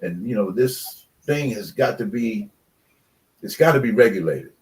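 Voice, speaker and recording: A man's voice: on the low side, lively intonation, measured pace, darkish tone, distant mic. Rambling older man, slightly off mic. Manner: rambling, many "you know" fillers; emphatic, passionate about commitment. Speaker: guest, former college football player. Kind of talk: casual radio chat.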